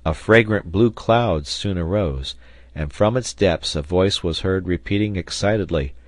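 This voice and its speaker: A man from South Carolina narrating a classic adventure novel in a measured, even reading. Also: low-pitched, dry recording. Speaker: audiobook narrator. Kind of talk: volunteer audiobook narration.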